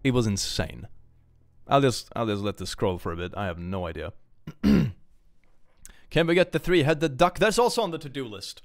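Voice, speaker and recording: A playful man chats to his stream audience with a lively, wide-swinging delivery. His voice sits dry and close to the mic, with soft music under it. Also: medium pitch, normal speed, long pauses, no echo. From Sweden. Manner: playful, animated, jokey. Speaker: live streamer. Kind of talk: casual live-stream chat, reading donations.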